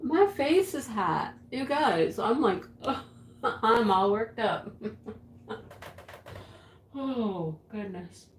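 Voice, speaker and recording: A woman's voice: a little high, lively intonation, drawn-out words, pauses often, a little hiss or hum. An actress playing a rambling, easily flustered woman who hosts a home craft livestream and giggles often. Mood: giggly flustered. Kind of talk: sketch comedy character acting. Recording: roomy echo.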